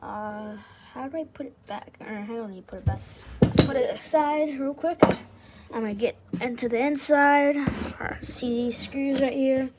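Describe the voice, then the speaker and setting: A woman's voice: high voice, normal speed. A woman giving casual running commentary as she takes apart a machine, chatty, laughing often and sometimes dropping to a whisper. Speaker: vlogger taking apart a machine. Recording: loud background noise with tool clicks.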